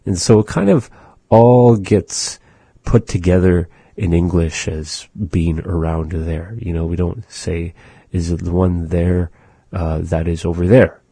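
A man teaching his people's language, going slowly and patiently, with many pauses, and repeating words for practice. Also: low voice, steady tone, dark tone, breathy edge, dry recording. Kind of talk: pronunciation lesson.

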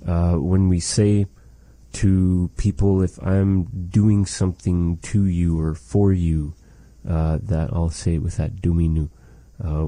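Man, language teacher, patient and repetitive, dry recording, unhurried delivery. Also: low voice, mellow, no echo. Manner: patient, repeats phrases slowly for practice. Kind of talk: paced language lesson.

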